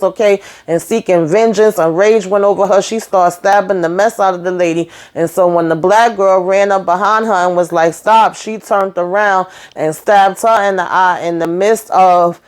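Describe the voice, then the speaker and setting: A woman's voice: mid-range voice, darkish tone. Sassy woman recapping a TV episode. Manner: sassy, emphatic, slangy storytelling; tags lines with "okay?" and "baby". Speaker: TV show reviewer.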